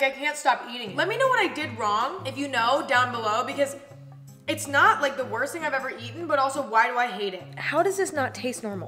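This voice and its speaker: A woman's voice: high-pitched, a bit bright. A young woman vlogging in a casual chat, full of "like" and the odd swear word. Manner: chatty, swearing, lots of "like".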